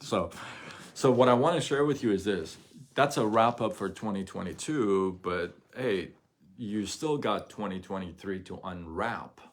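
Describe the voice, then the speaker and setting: A middle-aged man hosting his own livestream, talking candidly and rambling to viewers with frequent restarts and chuckles. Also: low voice. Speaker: live-stream host. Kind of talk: casual livestream talk to viewers.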